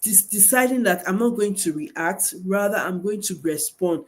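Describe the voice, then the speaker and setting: A woman's voice: medium pitch, animated, normal speed. A woman teaching parents as a coach, emphatic and repetitive, asking rhetorical questions. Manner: emphatic, repeats key points, asks rhetorical questions.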